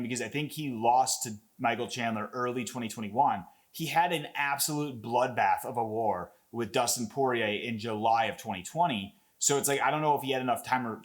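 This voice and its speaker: Young male commentator, casual video rant, excitable, swears a lot, mid-range voice. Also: mid-range voice. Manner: excited, profane, rambling with restarts. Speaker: MMA commentator.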